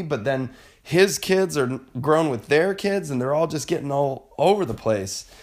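A young man talks straight to the camera in a loose, rambling monologue. His delivery is animated and his pitch sits in a middle range. He scatters filler words throughout. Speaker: vlogger. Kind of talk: casual monologue.

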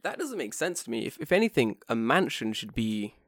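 An animated man from England telling a story in a relaxed chat, his pitch leaping around as he mimics others. The sound is dry and close to the mic, with no room around it. He swears freely and laughs at his own tale. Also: a little fast, no echo. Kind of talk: casual chat.

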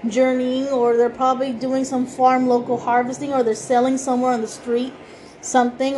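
High voiced woman from the southwest going off on a rant, swears a lot, casual podcast talk. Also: a little mellow, slight background noise. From Southwestern United States. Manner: heated, ranting, swears freely. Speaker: podcast host. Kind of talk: casual opinion monologue. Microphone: home voice recording.

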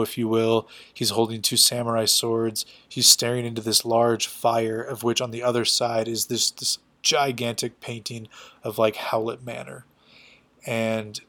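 Flat-voiced man recapping a comic casually. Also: mid-range voice. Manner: chatty, loose, full of fillers. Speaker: comic book reviewer.

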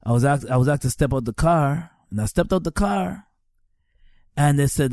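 A middle-aged man gives earnest personal testimony, circling back over his words for emphasis. His voice is warm and mellow. It sits dry and close, with no room around it. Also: on the high side, animated, normal speed, no room sound. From New York, Staten Island. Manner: earnest, repeats phrases for emphasis. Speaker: speaker giving testimony.

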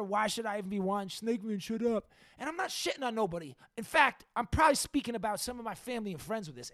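A young man with a high-pitched, fairly bright voice hosts a podcast, recorded cleanly in a studio with no room sound. His ears are clogged and he's unsure how loud he is, so his casual monologue comes out rambling, profane, and full of slang. He works as a podcast and radio host.

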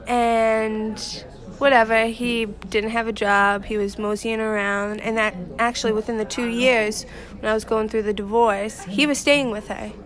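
A woman's voice: a little high, steady tone, measured pace. A woman guest candidly telling a personal story in casual chat.

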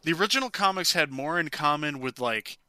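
A man's voice: fairly high pitch, lively intonation, fairly quick, pushed and bright, smooth. A man co-hosting a podcast in casual chat, making wry, teasing asides. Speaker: podcast co-host.

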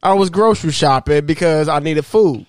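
A man's voice: fairly high pitch, normal speed, no echo, studio quality. A man co-hosting a podcast, telling a story in casual chat and laughing often as he goes. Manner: animated storyteller, laughs often, stumbles and restarts. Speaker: podcast co-host.

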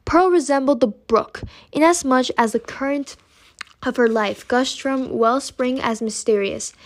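A woman reads an old novel aloud at a careful, unhurried pace. Her voice sits fairly high, and she sometimes trips over a word and corrects herself. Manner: slow, careful reading with occasional stumbles. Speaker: reader. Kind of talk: reading a classic novel aloud.

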